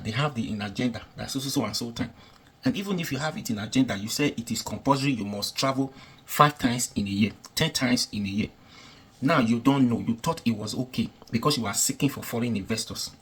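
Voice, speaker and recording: Nigerian male commentator, husky voice, heated off-the-cuff talk, lots of rhetorical questions. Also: medium pitch. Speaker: political commentator. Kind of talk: unscripted political commentary.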